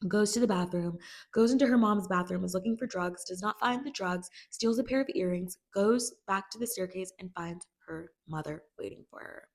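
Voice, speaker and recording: A woman giving a casual episode recap, retelling the plot in an animated, storytelling way. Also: mid-range voice, normal speed. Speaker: TV recap vlogger.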